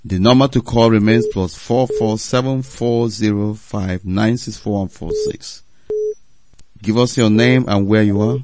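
A man's voice: on the low side, fairly even intonation, unhurried, noisy background. A man hosting a radio call-in show, firm and insistent, repeating his prompts to callers.

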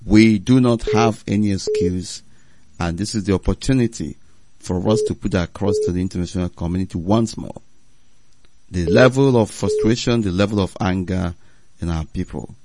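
Low-voiced radio call-in host, firm. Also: male voice, moderate pace, very noisy. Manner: firm, insistent, repeats prompts to callers. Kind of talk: radio call-in show hosting.

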